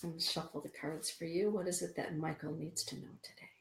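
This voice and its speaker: A woman's voice: deep voice, steady tone, quick pace, echoey room. A woman hosting a spiritual radio show, chatting with listeners and reading oracle cards aloud to them. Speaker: radio show host and card reader.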